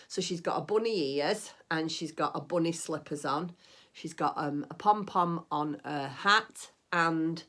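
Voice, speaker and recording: Middle-aged woman, low voice, chatty home crafting vlog, rambles and gushes. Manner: chatty, rambling, gushing with delight. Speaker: crafting vlogger. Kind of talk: casual chat.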